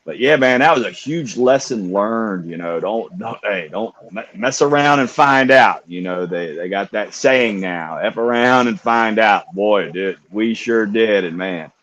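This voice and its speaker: Deep-voiced man telling a rambling story. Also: unhurried, few pauses, fairly bright tone, dry recording. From Virginia, USA. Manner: rambling, easygoing, full of "you know" and "man". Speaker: podcast co-host and coach. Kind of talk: casual storytelling chat. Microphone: remote livestream call.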